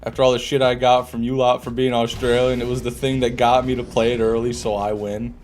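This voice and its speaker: A man's voice: medium pitch, flat delivery, brisk, darkish tone, faint music behind. A man giving casual live commentary while playing a game, joking with chat, laughing often and restarting his phrases. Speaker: gaming streamer. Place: streaming setup, game music playing.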